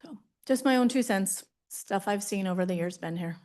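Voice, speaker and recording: A woman's voice: mid-range voice, normal speed, darkish tone. A woman county official speaks at a public meeting, a little out of breath. She hesitates often, stopping to restart her sentences. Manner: hesitant, many ums and restarts.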